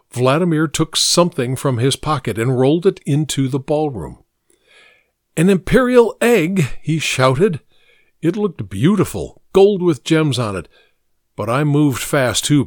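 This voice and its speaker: Brief: male narrator, middle-pitched, measured reflective storytelling, dry close recording. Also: no echo.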